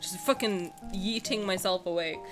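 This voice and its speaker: A woman's voice: mid-range voice, moderate pace, fairly bright tone, faint music behind. Chatty, swearing young woman streamer. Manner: chatty, candid and joking, swears freely. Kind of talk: casual live-stream chat while gaming.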